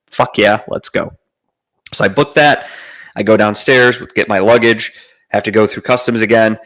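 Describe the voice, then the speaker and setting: A man's voice: on the low side, fairly even intonation, moderate pace, pauses often, fairly bright tone. A young man hosting a podcast, telling a long travel story in a rambling, profane way, full of fillers and restarts. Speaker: podcast host. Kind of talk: casual storytelling.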